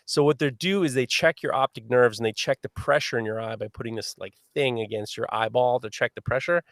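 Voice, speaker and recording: A man hosting a live podcast, telling a long story in a lively, swearing manner. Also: medium pitch, a little fast, no echo, studio quality. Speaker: podcast host.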